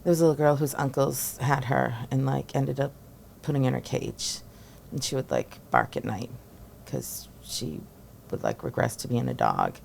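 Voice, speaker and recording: Woman in her 40s, low gravelly voice, chatty podcast guest, faint background noise. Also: big pitch swings, normal speed, a little mellow. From Massachusetts. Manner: chatty, laughing, many fillers like "like". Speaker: guest, teacher and former social worker. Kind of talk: casual interview chat.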